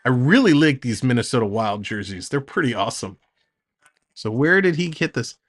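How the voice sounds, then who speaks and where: A man's voice: medium pitch, big pitch swings, moderate pace. A man streaming live hockey play-by-play, calling the action in short bursts and chatting with viewers between plays.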